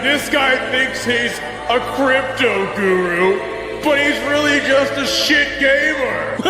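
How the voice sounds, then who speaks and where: Shrill, bombastic ad announcer, very high voice, drawn-out delivery, big echoey reverb over music. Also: male voice, heavily acted. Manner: mocking, bombastic, yelling. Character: over-the-top shouting male energy-drink ad announcer. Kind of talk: parody ad read. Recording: heavy reverb with music behind.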